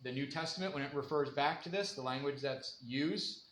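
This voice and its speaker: A man's voice: mid-range voice, normal speed, a bit bright, slight background noise. A man giving an informal, conversational Bible lesson in a church room, laughing often as he talks. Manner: conversational, laughs often, acts out quoted voices. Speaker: Bible teacher. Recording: echoey room with faint ambience.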